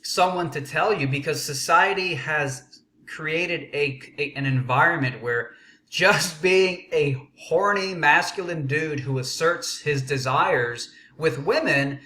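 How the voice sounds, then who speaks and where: A man's voice: fairly high pitch, slow, pushed and bright, roomy sound. A man hosting a casual interview who speaks fluently, bluntly and emphatically. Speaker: interview host.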